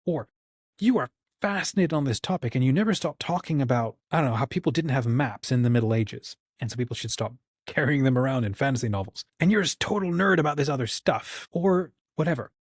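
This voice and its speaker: Casual channel host, male, husky tone, dry close sound, rambling and encouraging. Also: medium pitch, a little mellow, no echo. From United States. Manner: rambling, encouraging, acts out quoted dialogue. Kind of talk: casual livestream talk.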